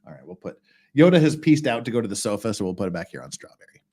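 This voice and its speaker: A man's voice: on the low side, very animated, very fast, mellow. A man hosting a casual legal commentary stream, sarcastic and mocking, laughing often, with a slightly thick tongue.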